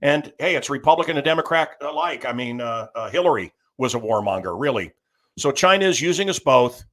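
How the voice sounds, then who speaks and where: A man's voice: mid-range voice, lively intonation, brisk, a bit bright. A middle-aged man hosting a show, delivering a blunt, combative political monologue with crude language. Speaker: show host.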